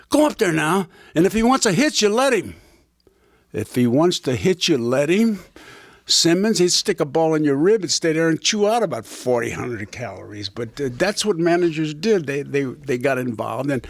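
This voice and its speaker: An older man who once worked as a catcher and broadcaster tells rambling baseball anecdotes with punchlines to a small audience. His voice is a little high with vocal fry, and there's no echo.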